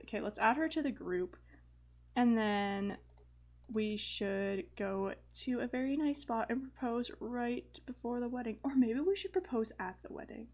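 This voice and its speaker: Young woman, let's-play commentary, slightly high voice, chatty, filler words, light laughs. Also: measured pace, darkish tone. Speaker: gaming video host.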